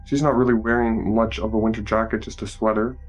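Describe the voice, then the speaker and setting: A man's voice: on the low side, flat delivery, fairly quick, soft background music. A man casually narrating a film scene by scene, joking and commenting as he goes. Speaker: movie recap narrator. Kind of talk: casual improvised movie narration.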